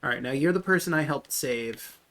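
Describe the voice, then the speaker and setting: A man's voice: mid-range voice, a little fast, fairly bright tone, a little hiss or hum. A man streaming a game, chatting casually and joking about what happens on screen. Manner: joking, reads game text aloud. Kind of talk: casual gameplay chat.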